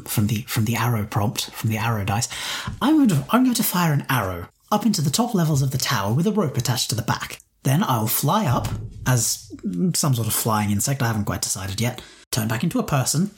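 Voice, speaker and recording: A man voicing a shapeshifting beetle-person who is a smooth, scheming salesman with breezy sales patter in a tabletop story game. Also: mid-range voice.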